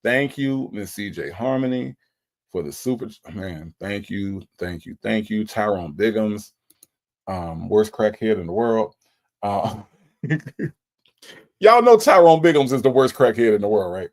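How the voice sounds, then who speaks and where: A man's voice: on the low side, expressive, measured pace, gravelly, darkish tone. A man hosting a livestream, thanking viewers over and over in an emotional, repetitive, casual way. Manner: emotional, repeats himself, laughs, drawls. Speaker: livestream host.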